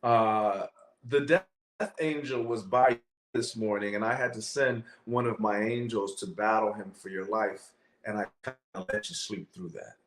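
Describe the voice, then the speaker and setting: A man voicing God as a patient, fatherly figure, speaking in a calm, measured way in a roomy space. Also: on the low side, natural voice. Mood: reassuring.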